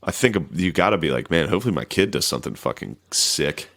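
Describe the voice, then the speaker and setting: A young man co-hosting a podcast in casual chat, joking in a deadpan way with quick quips. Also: sits low, creaky. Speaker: podcast co-host.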